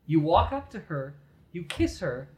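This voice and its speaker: A man co-hosting a casual movie podcast, excitable and emphatic as he talks. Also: a little high, a little slow, roomy sound, a crowd in the background, rough recording. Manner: excitable, emphatic, laughs easily. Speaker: podcast co-host. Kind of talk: casual chat about a movie.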